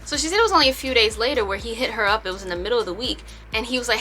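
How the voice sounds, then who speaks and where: Chatty, bright-voiced woman vlogger. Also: on the high side, very fast, hardly any pauses, soft background music. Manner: chatty, animated storytelling. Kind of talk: storytime vlog.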